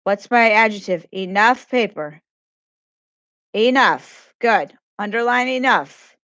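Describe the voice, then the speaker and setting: A woman's voice: mid-range voice, animated, slow pace, a bit bright, no room sound. A woman teacher giving a grammar lesson to children, patiently repeating questions and praising answers.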